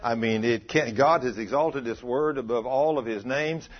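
A man preaching a sermon, telling a story with animated delivery and calling out questions to his congregation. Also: medium pitch, moderate pace, lo-fi sound. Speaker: pastor.

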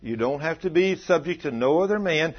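Lively preaching man, lo-fi sound. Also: on the high side, fairly quick, breathy edge. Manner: animated storytelling preacher, calls out questions to the congregation. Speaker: pastor. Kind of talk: sermon.

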